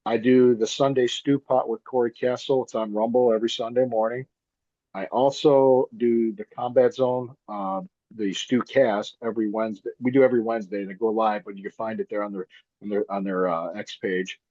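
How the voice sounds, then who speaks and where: A man's voice: lowish voice, fairly even intonation, moderate pace, dark tone, dry recording, lo-fi sound. A man, a wrestler guest chatting casually, rambling and repeating himself with frequent laughs. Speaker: guest, pro wrestler and podcaster. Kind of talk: casual interview chat.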